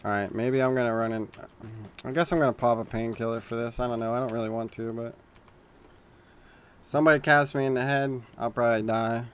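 A young man streaming a shooter game, giving calm callouts to teammates, then yelling in panic when things get tense. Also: medium pitch, a little fast, a little hiss or hum. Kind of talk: casual gaming chatter.

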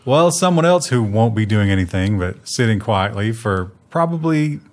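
A man co-hosting a casual tech news show, bantering with quick jokes and mock corporate voices. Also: fairly low pitch, animated, a little hiss or hum.

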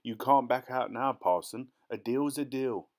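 Man doing a gruff blunt greedy farmer, raised pitch over his own voice. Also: unhurried, a little mellow, close to an everyday voice.

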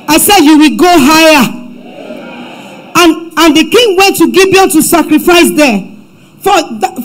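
A woman pastor with a Nigerian accent preaching a sermon in church, emphatic and swinging between loud declarations and hushed asides. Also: sits high, normal speed, low-quality recording.

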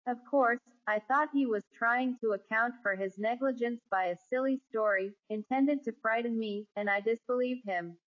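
Woman narrating a ghost story, fairly high. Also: normal speed, hardly any pauses. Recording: dull lo-fi recording.

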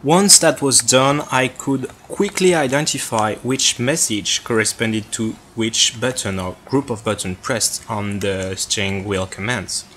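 A man's voice: mid-range voice, a little slow, few pauses, fairly bright tone, a little hiss or hum. A man with a French accent narrating a step-by-step tutorial on his own hobby electronics project, in a plain explanatory way.

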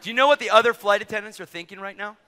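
Animated high-voiced male preacher. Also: racing, a little hiss or hum. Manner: animated, swings from hushed to shouting. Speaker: evangelist preacher. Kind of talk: storytelling sermon. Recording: echoey hall with faint music.

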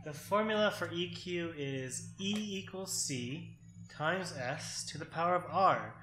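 A man with a bright voice pitched slightly high chats over a card game. He explains nerdy theories at length and gets excitable. The room sounds roomy, and faint background noise sits under him. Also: unhurried, soft background music. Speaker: podcast co-host.

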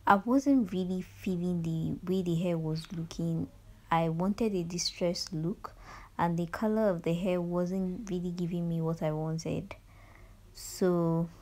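Low-voiced Nigerian woman narrating casually. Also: takes it slowly. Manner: relaxed, conversational, with casual fillers. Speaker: beauty vlogger. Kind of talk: casual voice-over tutorial narration.

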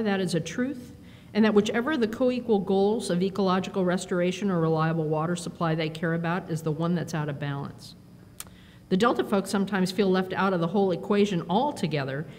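A woman giving a conference talk, telling lively self-deprecating stories with quoted dialogue into a podium microphone. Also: a little fast. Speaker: conference speaker. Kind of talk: storytelling keynote speech. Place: large conference hall. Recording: reverberant hall with faint rumble.

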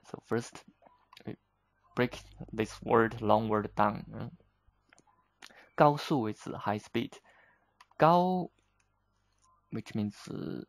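This slow, gravelly-voiced man from China teaches a lesson, explaining vocabulary at a medium pitch. He's patient and unhurried, moving between Chinese and English with plenty of fillers, though the recording itself is poor.

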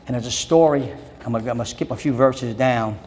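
Male pastor preaching a sermon. He is fervent and swings between loud and soft, and it is recorded in a church with a long echo and faint noise. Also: medium pitch, fairly quick. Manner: impassioned preaching that swings from loud declarations to quiet storytelling. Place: church sanctuary.

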